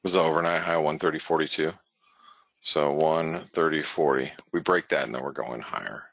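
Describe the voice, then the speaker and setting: A man's voice: very deep voice, steady tone, normal speed, a bit bright, dry recording, highs cut off. A man hosting a webinar, giving casual live market commentary in a rambling way that keeps correcting itself and restarting. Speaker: forex market analyst, webinar host.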